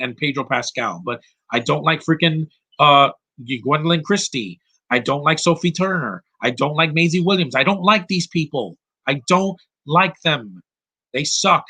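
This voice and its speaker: Dude ranting thru a movie watch-along, blunt, keeps going off on tangents, bright voice. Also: male voice, fairly high pitch. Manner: rambling, blunt, goes off on tangents. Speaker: movie commentator. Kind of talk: casual live movie commentary.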